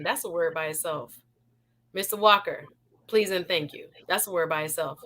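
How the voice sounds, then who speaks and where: A woman's voice: lowish voice, normal speed, fairly bright tone. A woman hosting a live online talk show, reading viewer comments and encouraging her audience with an exuberant, preachy manner and frequent laughter. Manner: exuberant, preachy, laughs often, talks to the chat.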